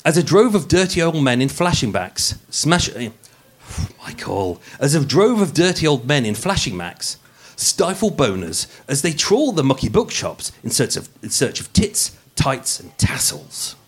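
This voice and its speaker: A man from England with a Birmingham accent hosts a live true-crime podcast in a room with an audience, narrating with jokes and frequently stumbling over words. His voice is fairly high, husky, and very animated, moving a little slowly. He's jokey and self-deprecating throughout.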